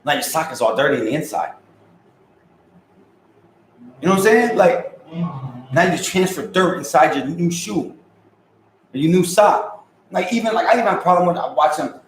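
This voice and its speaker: A man's voice: high voice, a little fast, roomy sound, slight background noise, low-quality recording. Profane, laughing man streaming casually. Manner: loose, profane, laughing, talks in street slang. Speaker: livestream host reading viewer comments. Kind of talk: casual live-stream chat.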